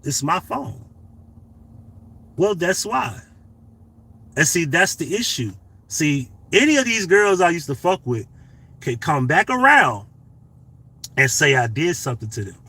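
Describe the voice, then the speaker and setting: A man hosting a commentary vlog, telling a personal story in a casual, profane, animated way. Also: on the high side, a little slow, pauses often, breathy edge. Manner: profane, animated, tells a story with acted quotes. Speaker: commentary channel host.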